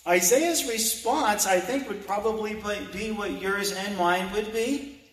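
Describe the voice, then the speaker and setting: High-voiced preacher in a roomy hall. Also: male voice, fairly bright tone. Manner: reads scripture aloud and repeats key phrases slowly. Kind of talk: sermon. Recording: roomy hall, mic at a distance.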